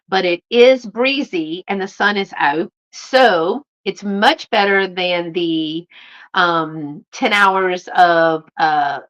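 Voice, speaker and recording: A woman's voice: on the low side, a bit bright, dull audio. A woman with a Southern US accent chatting casually on a live stream from home, greeting viewers by name with many fillers. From Southern United States. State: a little flushed from a walk. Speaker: YouTube live stream host.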